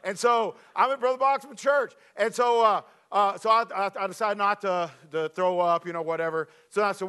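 A preacher man with a fairly high voice gives an animated, storytelling sermon and reads scripture aloud. His voice sounds a little weak and worn. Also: brisk, smooth. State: slightly weak voice. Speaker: pastor.

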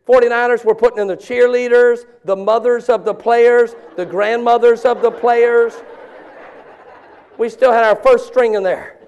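Preacher guy in his 50s, really high voice, yells and jokes around. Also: normal speed, clean tone, highs cut off. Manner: animated, shouting bursts and joking asides. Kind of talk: sermon.

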